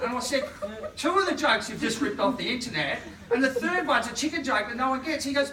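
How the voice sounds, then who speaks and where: A man's voice: extremely high pitch, animated, quick pace, pushed and bright, slight background noise. A man doing a rambling stand-up comedy set and laughing through his own punchlines, recorded live in a comedy venue. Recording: roomy live room, distant mic.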